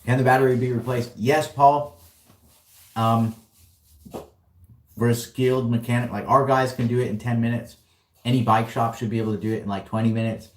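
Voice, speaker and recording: A man's voice: medium pitch, fairly even intonation, moderate pace, long pauses, roomy sound, a little hiss or hum. A man hosting a casual livestream Q&A, upbeat and slangy, reading out viewer questions and answering them. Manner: upbeat, slangy, laughs often. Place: warehouse.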